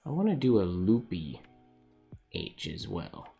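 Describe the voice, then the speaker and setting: A man talks casually while he writes on a live stream, thinking aloud, laughing often and answering viewers as they comment. His voice sits a little low. Soft music plays faintly behind him. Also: very animated, a little slow, vocal fry, slightly rough, highs cut off. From Canada. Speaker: calligraphy livestream host.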